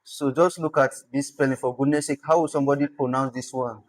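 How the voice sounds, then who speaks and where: A man's voice: mid-range voice, steady tone, brisk, low-quality recording. A man giving an online lesson on spelling, thinking aloud, sounding out words and chuckling as he goes. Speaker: instructor.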